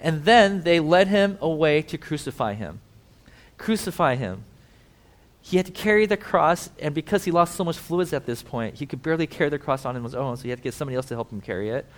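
A man preaching a sermon who tells the story vividly, swings between emphatic and hushed, and talks directly to his listeners. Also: on the high side, animated, quick pace, hardly any pauses. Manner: conversational asides to listeners.

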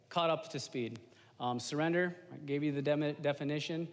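A man in his thirties, a lay preacher giving an informal, animated sermon to a congregation. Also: fairly high pitch, fairly quick. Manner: casual, animated, slangy, talks to the congregation. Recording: long hall reverb.

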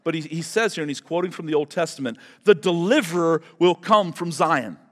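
Delivering a verse-by-verse expository sermon, this pastor speaks a little fast in a higher-leaning voice, with a long reverb tail trailing his words. His style is conversational yet emphatic, and he repeats words to drive points home.

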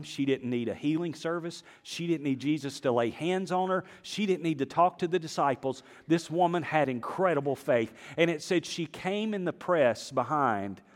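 A male pastor preaching a sermon, telling the story with acted-out voices and swinging between hushed and loud delivery. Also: on the high side. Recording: long reverb of a large hall.

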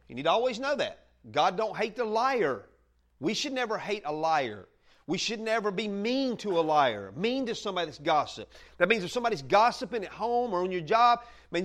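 Folksy higher-voiced preacher. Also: male voice. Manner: folksy and animated, acts out quoted voices, laughs often. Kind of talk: conversational sermon. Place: church meeting room with listeners.

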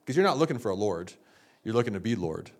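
A middle-aged male pastor giving a sermon in an animated, storytelling manner. He acts out other people's words as he goes, his voice lifting into excited bursts and then settling back into plain talk. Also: fairly low pitch, fast.

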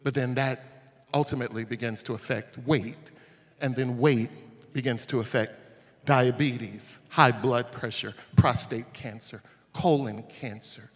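A male pastor preaching a sermon, telling stories and rising to shouts at the peaks. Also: medium pitch, fairly even intonation, a little slow. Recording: long hall reverb.

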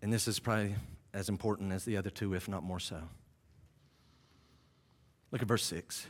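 A male pastor delivers a sermon in a large church hall, and his voice rings with long reverb. He drops low and quiet to teach, then climbs loud and high to tell a story vividly. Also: fairly even intonation, normal speed.

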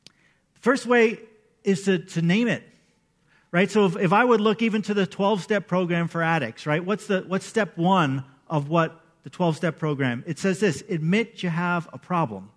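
A male pastor preaching a sermon in a conversational, animated way, acting out the people he quotes. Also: sits high, moderate pace.

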